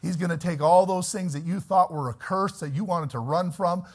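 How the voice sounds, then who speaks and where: This sermon comes from a male preacher with a high, husky voice. He begins quietly and slowly, in a reflective mood, before rising to fervent, loud exhortation and finally shouting.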